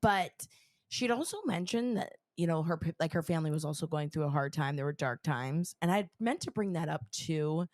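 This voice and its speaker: A woman's voice: low voice, normal speed, no echo. Casual woman podcast host, dry sound. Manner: relaxed, filler-heavy.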